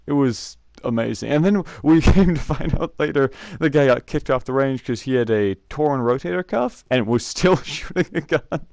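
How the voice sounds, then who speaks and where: A young man tells rambling scout camp stories in a casual storytelling vlog, laughing often, restarting, and filling gaps with "uh". His medium-pitched voice is animated and a little mellow with vocal fry, at a moderate pace, in a dry studio-quality recording.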